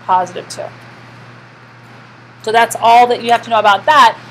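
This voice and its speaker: A woman's voice: fairly high pitch, fairly even intonation, fast, a little hiss or hum, poor audio. Woman math teacher lecturing a class. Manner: asks the class questions and answers them herself.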